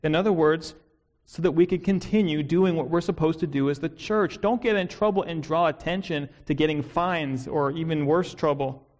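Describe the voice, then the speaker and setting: A man with an American accent preaching an expository sermon as a pastor, earnest and measured, posing rhetorical questions. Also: on the high side, darkish tone.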